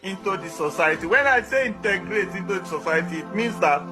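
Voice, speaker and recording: A man as guest analyst, explaining a process step by step in a measured way. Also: high voice, animated, music in the background. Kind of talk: explanatory discussion.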